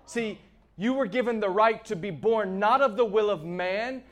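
Guy preaching a fired-up sermon, kinda high voice, goes loud then quiet. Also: normal speed. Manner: impassioned, shifts between shouting and hushed asides.

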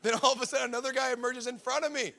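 A man in his thirties, a pastor, delivers a sermon by telling stories and acting out the people in them, animated and voicing their quotes. His voice is very high, racing and creaky. A faint crowd and a little hiss or hum sit in the background.

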